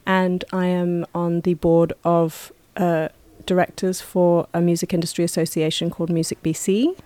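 A woman guest from Canada on a podcast who talks about her music and acting work, soft-spoken, playful and quick to giggle. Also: fairly low pitch, level tone, dry recording. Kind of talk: casual chat.

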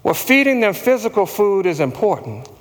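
A male pastor preaching a sermon, slow and emphatic, calling on the congregation to repeat after him. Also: sits high, sing-song, long reverb tail.

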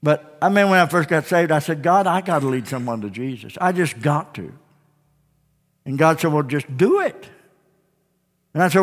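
A man's voice: on the high side, moderate pace, long pauses, long reverb tail. Young guy preaching in a big auditorium, voice swoops all over, acts out the people in his story. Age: young adult. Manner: animated storytelling, acting out voices. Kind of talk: sermon. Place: large auditorium.

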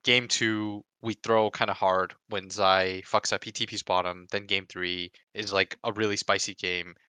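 A man telling a story about a tournament in casual podcast chat, animated and full of swearing. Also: deep voice, measured pace, smooth, dry recording. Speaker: pro esports player recounting a tournament.

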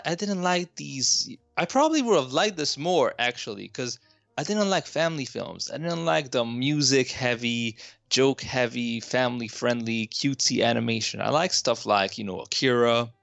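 A man's voice: medium pitch, moderate pace, vocal fry, a bit bright, dry recording. A man in his thirties co-hosting a podcast, talking about old films in a rambling, opinionated way that keeps correcting itself. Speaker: podcast co-host. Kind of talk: casual film discussion.

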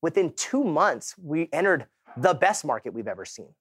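A keynote speaker, a man in his thirties from Southern California, gives a motivational sales talk in a slightly high, breathy voice at a moderate pace. He tells his story in casual, slangy language, animatedly acting out the people in it. The recording is clean studio sound with no echo.

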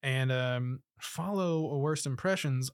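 A man's voice: medium pitch, takes it slowly, clean tone, no room sound, clean studio sound. A man hosting a casual podcast, rambling through plugs with many fillers. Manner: rambling, lots of fillers and laughs. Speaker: podcast host.

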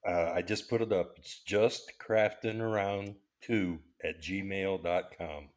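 Deep-voiced laid-back man guest. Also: fairly even intonation, takes it slowly. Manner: laid-back, brief affirmations, chuckles. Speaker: podcast guest. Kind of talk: casual chat.

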